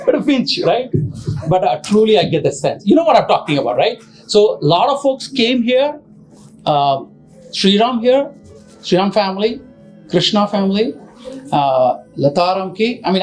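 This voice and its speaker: A man's voice: high voice, darkish tone, low-quality recording. Middle-aged man, father-of-the-bride toast, rambling and joking, light music under it. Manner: rambling, joking, self-correcting, with asides to the audience. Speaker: father of the bride giving a speech. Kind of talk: informal speech at an engagement party.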